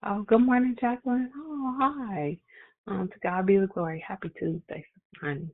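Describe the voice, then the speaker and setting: A woman's voice: mid-range voice, moderate pace, no room sound. A woman hosting a prayer call, greeting callers and affirming them with repeated praise phrases. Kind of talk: casual phone call greetings. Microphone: phone. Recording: tinny phone line.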